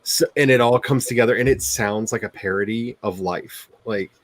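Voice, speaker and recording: Man, from the Ozarks, author hosting a writing stream, low voice, dry sound, rambling casual chat. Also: normal speed, no echo. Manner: chatty, rambling, laughs often; speaks in a neutral stream voice, not his natural one.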